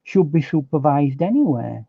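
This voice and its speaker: A man chatting as a guest on a livestream, giving opinions in a measured, teasing way. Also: on the high side, very animated, vocal fry, husky, dry recording. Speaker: guest artist. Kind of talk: casual chat. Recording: dull lo-fi dry audio.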